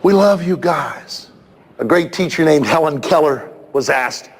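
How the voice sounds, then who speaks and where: A man giving an animated, playful talk at a school assembly, shouting for emphasis and slipping into comic impressions. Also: on the high side, measured pace, husky. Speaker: motivational speaker at a school assembly. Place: large school gym with students. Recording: reverberant hall with crowd murmur.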